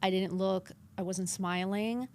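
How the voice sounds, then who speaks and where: A woman in her fifties from New York, with a New York accent, telling her story as a podcast guest, animated and acting out her past lines in quotes. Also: mid-range voice, measured pace. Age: 50s. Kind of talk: candid interview storytelling.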